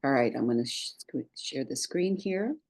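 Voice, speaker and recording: A woman's voice: rumbling low, lively intonation, normal speed, darkish tone. A woman teaching a Hebrew lesson over a screen share, patiently reciting letters one by one for learners to repeat.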